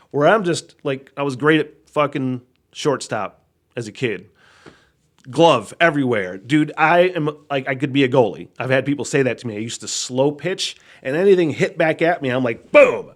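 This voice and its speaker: A man's voice: mid-range voice, lively intonation, moderate pace. Profane rambling man hosting a podcast. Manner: profane, rambling, laughs often, swings loud to quiet. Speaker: podcast host. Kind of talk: casual solo podcast monologue.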